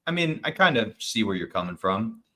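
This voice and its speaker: A man co-hosting a comedy podcast, throwing in dry, deadpan asides. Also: on the low side, fairly quick. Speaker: podcast co-host. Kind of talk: comedic banter.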